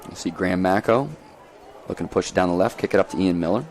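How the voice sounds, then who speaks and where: A man giving live play-by-play commentary on a lacrosse game outdoors, folksy and energetic as he calls the action. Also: low voice, fast talker, background noise.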